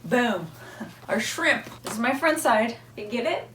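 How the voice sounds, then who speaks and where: A woman's voice: fairly high pitch, measured pace, a bit bright, a little hiss or hum. A woman chatting casually in a do-it-yourself craft vlog at home, rambling and joking at herself with little laughs. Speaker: vlogger.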